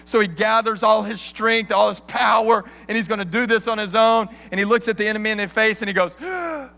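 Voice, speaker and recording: A man in his thirties preaching a sermon as an animated, joking storyteller. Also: sits high, fairly quick, vocal fry. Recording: long hall reverb.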